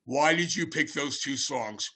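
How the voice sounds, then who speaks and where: A man's voice: on the high side, unhurried. A man hosting a podcast interview, telling casual, rambling anecdotes with plenty of fillers and restarts. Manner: rambling anecdotes with many fillers, shouting out quoted lines. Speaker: podcast host.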